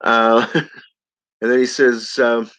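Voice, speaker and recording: A man's voice: mid-range voice, flat delivery, takes it slowly, fairly bright tone, clean tone. A man hosting his channel, reading viewer comments aloud in a casual live-stream chat and chuckling often. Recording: dull lo-fi audio.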